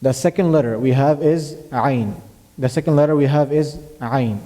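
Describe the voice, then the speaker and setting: A man's voice: medium pitch, moderate pace, mellow, big-room sound. A man teaching tajweed. He patiently explains where Arabic letters are pronounced, quizzes his student, and recites verses as examples. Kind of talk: tajweed lesson. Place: mosque classroom.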